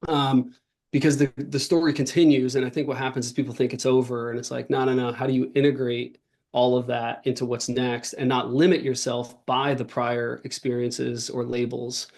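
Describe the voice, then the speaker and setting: Brief: man, podcast guest, earnest, rambling, lots of "um" and "like", middling pitch. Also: level tone, moderate pace, gravelly, darkish tone. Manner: earnest, talks in long runs with many fillers and restarts. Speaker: podcast guest, author and workshop leader. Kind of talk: casual interview talk.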